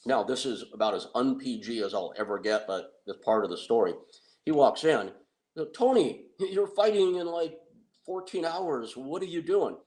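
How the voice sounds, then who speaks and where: A middle-aged man who manages fighters, telling an anecdote in an animated, self-deprecating way and laughing often. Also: on the low side. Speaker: wrestling and MMA manager. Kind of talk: anecdotal storytelling.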